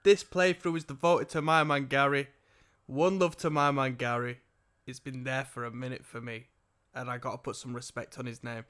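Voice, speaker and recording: A man's voice: medium pitch, steady tone, normal speed, a bit bright, smooth. A tired man hosting an album reaction show, chatting casually with rambling asides. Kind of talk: casual music reaction commentary.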